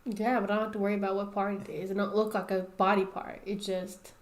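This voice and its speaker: A woman's voice: mid-range voice, level tone, fast talker, echoey room. An American woman co-hosting a reaction video, chatting casually with frequent giggles. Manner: giggly, colloquial.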